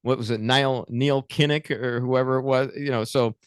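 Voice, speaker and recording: A man's voice: medium pitch, steady tone, moderate pace, clean tone, no room sound, studio quality. An older man co-hosting a casual political chat show, sarcastic and joking. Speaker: co-host.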